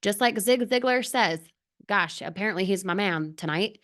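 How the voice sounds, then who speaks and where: A woman's voice: mid-range voice, moderate pace, a bit bright. A woman leading a live motivational training for her team, speaking earnestly and emphatically with lots of rhetorical questions. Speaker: team leader.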